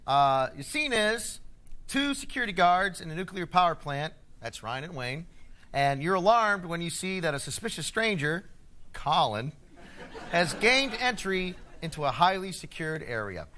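A man hosting an improv comedy game show, calling out scene styles in a brisk, offhand way. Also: high voice, sing-song, sharp tone. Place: TV studio before a live audience. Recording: TV studio broadcast with crowd noise.

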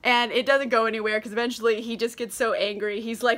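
A woman's voice: a little high, fairly even intonation, fast, hardly any pauses, fairly bright tone. A tipsy young woman vlogging a casual, profane book summary, giggly and gushing, saying "like" all the time. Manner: giggly, crude, gushing, heavy on "like".

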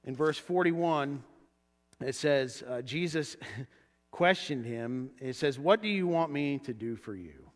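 A man preaching a sermon as pastor, animated and acting out the voices he quotes. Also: fairly high pitch, a little slow. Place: church sanctuary. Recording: church hall reverb.

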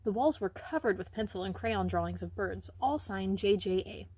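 Woman reading a picture book to children, husky tone and dry sound, gentle and expressive. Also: mid-range voice, normal speed, no room sound. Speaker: reader. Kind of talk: children's book read-aloud.

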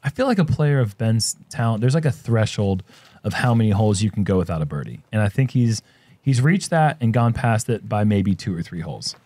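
A man doing casual sports commentary, easygoing and quick to laugh as he banters with his co-host. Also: lowish voice, sing-song, warm tone, no room sound. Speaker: disc golf commentator.

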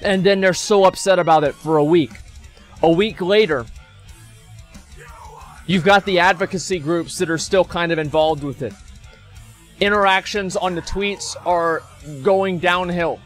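A man's voice: sits high, steady tone, a little slow, long pauses, soft background music. A man streaming, delivering a rambling, profane, sarcastic rant, stumbling into restarts as he goes. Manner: sarcastic, mocks people in put-on voices. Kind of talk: ranting commentary.

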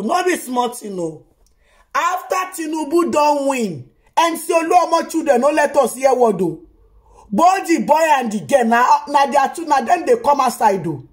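A woman with a Nigerian Pidgin accent gives casual commentary on her own vlog. Her voice is high, and she talks in an exclamatory way, rounding off her lines with emphatic tags. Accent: Nigerian Pidgin English. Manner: exclamatory, ends phrases with "o". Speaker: vlog host reacting to news.

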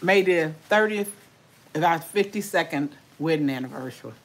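Lively folksy older woman. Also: sits low, normal speed. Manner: folksy, chatty, talks with mouth full. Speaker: vlogger. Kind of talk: casual livestream chat while eating.

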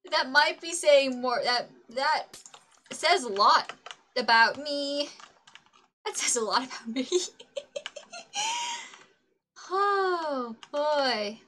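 Bubbly, lively high-voiced woman streamer. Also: takes it slowly, a little hiss or hum. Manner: bubbly, hums sing-song nonsense sounds while playing; self-mocking, giggly asides. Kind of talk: casual gaming livestream chatter.

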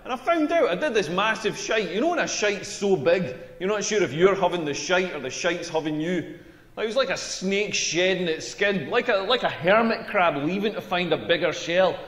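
A man's voice: high voice, moderate pace. A man with a Scottish accent playing a crude stand-up comedian performing his set in a game. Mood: brash. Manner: crude, brash deadpan punchlines. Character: brash crude male stand-up comic. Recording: echoey hall with long reverb.

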